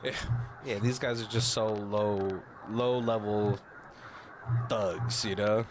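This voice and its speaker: A man's voice: on the low side, fairly even intonation, takes it slowly, background noise. A man casually retelling a film's plot on a podcast, loose and profane, heavy on "like" and "you know," acting out the characters' lines as he goes. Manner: loose, swearing, acts out quoted lines; many fillers like "like" and "you know". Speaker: podcast co-host. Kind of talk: casual movie recap chat.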